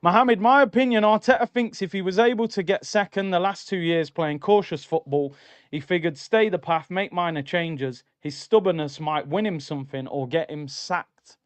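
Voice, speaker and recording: A man's voice: high voice, moderate pace, dry recording. A man hosting a live football watchalong stream, chatty and opinionated, reading out viewer comments and giving his takes. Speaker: livestream host.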